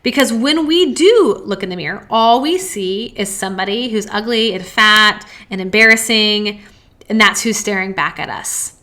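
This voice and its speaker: A woman hosting a self-help podcast, talking earnestly, slowing down to stress key phrases and posing strings of rhetorical questions. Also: mid-range voice, sharp tone. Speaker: podcast host.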